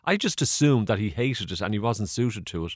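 An Irish man tells stories as an interview guest, chatty and rambling, with plenty of fillers and the odd laugh. His voice sits fairly low. The recording is dry and close to the mic. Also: animated, fairly quick, no echo. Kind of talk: casual storytelling interview.

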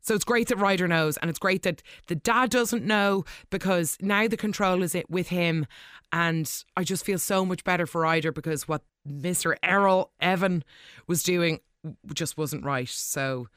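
A host giving a casual, gushing recap of the week's soap episodes, with quick asides and excited reactions. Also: medium pitch, smooth, no echo, studio quality.

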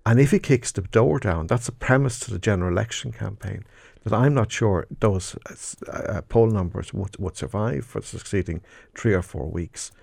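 Guy on a radio panel, gravelly, kinda low, thinking out loud. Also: no room sound. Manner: measured, hesitant with fillers. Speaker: political commentator.

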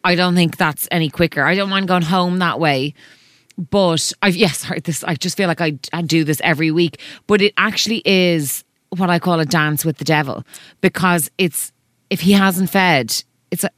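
A woman's voice: on the low side, moderate pace, fairly bright tone, no echo, studio quality. A woman in her thirties with an Irish accent, co-hosting a podcast in casual chat and telling a story while stopping and restarting herself. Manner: chatty, self-interrupting storyteller. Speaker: podcast co-host. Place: radio studio.

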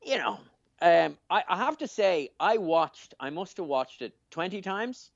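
A man's voice: high-pitched, a little slow, gravelly, no echo. Podcast guy rambling away, lots of ums n likes, bouncy voice, bit muffled. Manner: animated, rambling with many fillers and restarts. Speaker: podcast co-host. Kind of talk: casual chat. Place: room on his own. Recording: slightly dull, dry lo-fi sound.

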